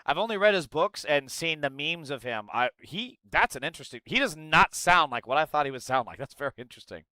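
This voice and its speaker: A man's voice: fairly high pitch, lively intonation, a little fast, bright, forceful tone, no echo. A man streaming live, reacting to a clip and reading chat aloud, blunt and often profane. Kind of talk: casual live-stream commentary.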